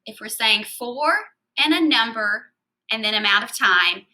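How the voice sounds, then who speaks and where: A woman's voice: fairly high pitch, animated, measured pace, bright, forceful tone, rough recording. A woman teaching a Spanish grammar lesson, explaining patiently step by step and reading out verb endings one at a time.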